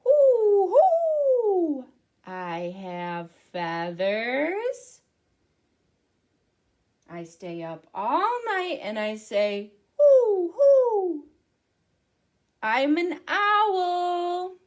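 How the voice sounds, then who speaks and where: A woman's voice: very animated, extremely slow, exaggerated voice. A hooting owl, as a woman puts it on. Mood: playful. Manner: high, loud hooting calls. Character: hooting owl awake all night.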